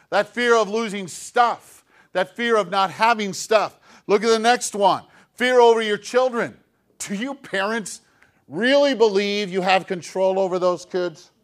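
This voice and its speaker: A middle-aged man delivers a sermon in a casual, conversational manner. His voice sits fairly high for a man. He pokes fun at himself and peppers the talk with rhetorical questions. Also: fairly bright tone. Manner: conversational, self-deprecating preaching with rhetorical questions. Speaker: pastor.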